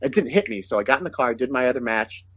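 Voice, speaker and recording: A man's voice: medium pitch, fast, husky, no room sound. Man telling stories, muffled audio. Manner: animated, quotes others in his stories. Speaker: guest, pro wrestler. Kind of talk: casual storytelling.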